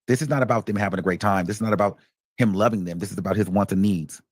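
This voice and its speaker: A man's voice: fairly low pitch, very fast, no room sound. A man hosting reaction commentary, emphatic and repeating his points for stress. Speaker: commentary host.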